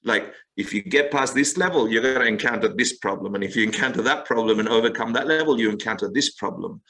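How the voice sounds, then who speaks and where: Guy with a bright voice, chatty podcast guest, acts out little quotes while explaining meditation. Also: lowish voice, fast talker, low-quality recording. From United States. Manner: expressive storyteller, acts out quotes, gaming analogies. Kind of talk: animated podcast conversation.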